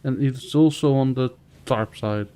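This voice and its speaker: A man talking casually with a friend during a co-op game, quietly pointing out what needs doing. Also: medium pitch, a little slow, smooth. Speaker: co-op gaming partner. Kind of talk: casual co-op gaming chat.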